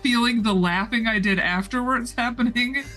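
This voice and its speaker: Rambling, animated woman player. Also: on the high side, normal speed. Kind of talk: casual chat among players.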